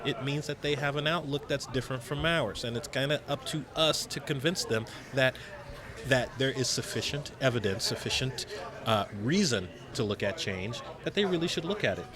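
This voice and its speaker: A man talking in a casual podcast panel, laying out his argument earnestly at a middle pitch. A loud crowd murmurs clearly behind him. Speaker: podcast co-host.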